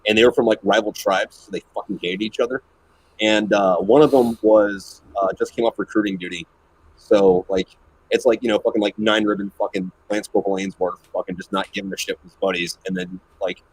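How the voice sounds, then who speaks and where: A former Marine telling laid-back, profane service stories in a casual podcast chat. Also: male voice, low-pitched, fairly even intonation, fairly quick, husky, rough recording.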